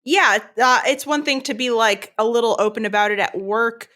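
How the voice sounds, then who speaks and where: A woman co-hosting a podcast, chatting casually about a cartoon episode, playful and quick to laugh while chiming in. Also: on the high side, bright, forceful tone. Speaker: podcast co-host.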